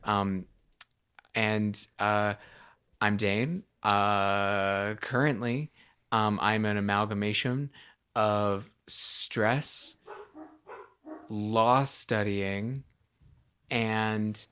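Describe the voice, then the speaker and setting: A man's voice: lowish voice, fairly bright tone, smooth. A tired young man co-hosting a podcast in casual chat, rambling and self-deprecating, often restarting his sentences. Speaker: podcast co-host.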